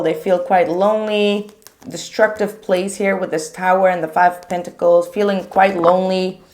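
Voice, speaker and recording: A young woman giving a casual tarot reading to viewers, chatty and animated, with frequent filler words. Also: mid-range voice. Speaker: tarot reader.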